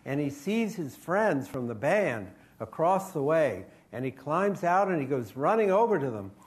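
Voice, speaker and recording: A man's voice: fairly high pitch, sing-song, moderate pace. A man in his sixties, a children's author, telling a ghost story live and coaxing the young audience to call out answers. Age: 60s.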